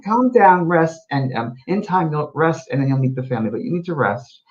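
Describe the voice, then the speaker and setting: A man's voice: a little high, animated, a little fast, dull audio, natural voice. A man voicing an elderly woman's spirit, bewildered.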